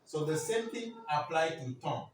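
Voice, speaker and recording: A man's voice: on the high side, expressive, normal speed. A man teaching French to a class, prompting students with questions and drilling words for them to repeat. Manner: keeps asking the class "what?" for them to fill in answers. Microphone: far from the speaker. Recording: very echoey room, distant mic, faint noise.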